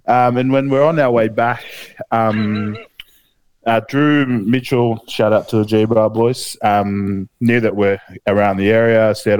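Aussie bloke yarning on a podcast, smooth clear voice, swears heaps, lots of ums. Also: male voice, fairly low pitch, fairly even intonation, slow, a little mellow, no echo. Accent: Australian. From Australia. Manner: laid-back storytelling, heavy swearing, lots of fillers. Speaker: podcast co-host. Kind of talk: casual chat.

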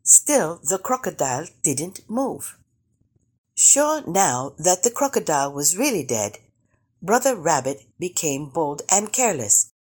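Slow, expressive husky storyteller woman. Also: fairly low pitch. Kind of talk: reading a children's picture book aloud.

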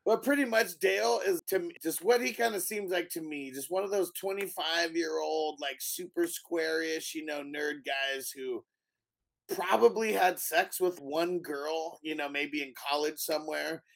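Podcast co-host, male, gravelly and a bit high, lively casual recap. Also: unhurried. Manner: animated retelling with laughs. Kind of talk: casual movie review chat.

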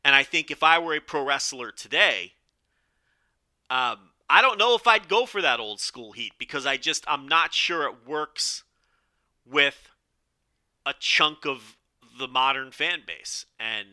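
Hoarse opinionated podcast host, bright voice. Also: male voice, mid-range voice. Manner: opinionated, rambling with restarts and "okay?" asides. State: losing his voice, strained. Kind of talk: solo podcast commentary.

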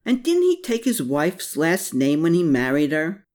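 An earnest, gentle young man who speaks with polite insistence, as an audiobook narrator voices him. His voice is lifted above the narration, and it moves around a lot. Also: fairly high pitch, wildly swooping pitch, unhurried, pitched above the performer's own voice.

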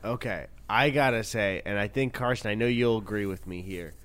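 A young man co-hosting a podcast, excitable and giggly, gushing over jokes. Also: lowish voice, brisk. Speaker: podcast co-host. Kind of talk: casual podcast chat.

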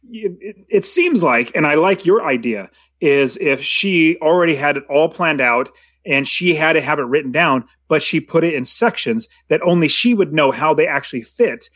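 A man's voice: fairly high pitch, animated, moderate pace, a bit bright, husky, no echo. A man co-hosting a casual movie discussion, talking in a rambling way with many restarts. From United States. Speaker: podcast co-host.

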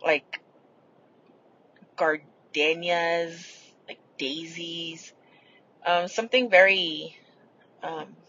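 A woman's voice: fairly low pitch, fairly even intonation, drawn-out words, pauses often, bright, forceful tone, lo-fi sound, a little hiss or hum. Rambling, foul-mouthed woman telling stories. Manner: rambling, swears freely. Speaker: podcast host. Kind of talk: casual storytelling.

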